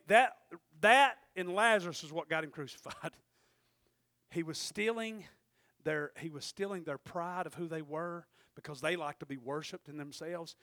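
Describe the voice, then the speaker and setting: A man's voice: on the high side, creaky, no room sound. Male preacher, folksy, dry close sound, big swings in volume. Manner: folksy, swings from hushed asides to shouted peaks. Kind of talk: sermon.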